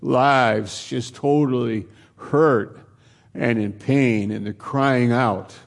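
A man preaching a sermon in a slow, repetitive cadence, building phrase on phrase. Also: mid-range voice, gravelly, long reverb tail.

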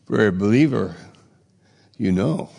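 A man delivers a sermon at an unhurried pace, leaning on repeated phrases for emphasis. His voice has a gravelly edge, and it rings out in a large reverberant hall. His loudness swells and falls as he presses his points. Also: lowish voice, expressive. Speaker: preacher.

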